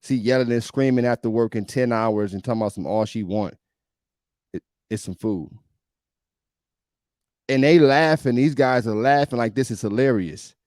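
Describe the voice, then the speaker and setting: A man's voice: mid-range voice, normal speed, pauses often, a little mellow, no echo, clean studio sound. Preachy man commenting on a clip. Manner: emphatic, preachy, repetitive. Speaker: podcast host. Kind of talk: reaction commentary.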